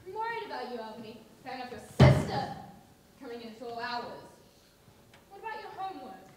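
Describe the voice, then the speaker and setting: A young woman acting a worried, soft-spoken mother. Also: a little high, sing-song, fairly quick, slight background noise. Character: worried mother of a poor family. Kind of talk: school stage play. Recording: echoey hall, from far off.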